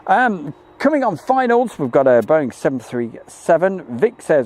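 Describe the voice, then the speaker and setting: A man's voice: a little high, big pitch swings, unhurried, few pauses, a little mellow. A man hosting a live plane-spotting stream, chatting jokily and reading out viewer messages. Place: outdoors at an airfield.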